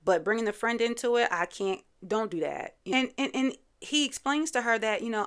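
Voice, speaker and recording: A woman's voice: on the high side, animated, normal speed, few pauses, fairly bright tone, clear, resonant tone. A woman hosting a casual reality TV recap, chatty and opinionated, full of fillers and asides. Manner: chatty, opinionated, lots of "you know" fillers.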